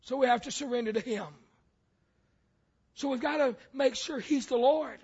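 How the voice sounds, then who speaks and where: A man preaching a sermon as pastor, telling stories and stumbling over repeated words before building to loud, emphatic calls. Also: very high-pitched, moderate pace, husky, dull audio.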